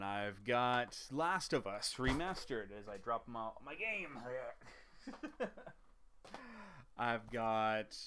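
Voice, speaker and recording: A man's voice: medium pitch, fairly bright tone, clean tone. A man, a gaming YouTuber, chatting casually to camera about his year, rambling with restarts and chuckles.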